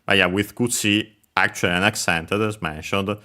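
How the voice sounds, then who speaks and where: A man giving a language lesson over a video game playthrough, hesitant, full of fillers and quick self-corrections, chuckling now and then. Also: sits low, sharp tone. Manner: explanatory, chuckles while explaining. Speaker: language teacher. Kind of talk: let's-play language lesson.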